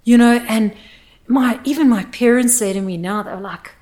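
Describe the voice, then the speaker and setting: A woman who works as a sound engineer, talking in a casual podcast chat, emphatic and animated, often laughing. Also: a little high, normal speed, heavy background noise.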